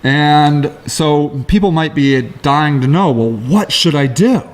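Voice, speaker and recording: Rambling, excitable male show host. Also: fairly high pitch. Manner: rambling storyteller, quick bursts, lively. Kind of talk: casual chat.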